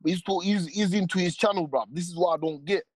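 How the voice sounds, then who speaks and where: A man holds forth on a live stream panel, circling back and piling on street slang and tag questions. His voice sits a little high, and the sound is dry and close. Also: quick pace, dry recording. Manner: rambling, heavy street slang, many repeated tags. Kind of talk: casual heated rant.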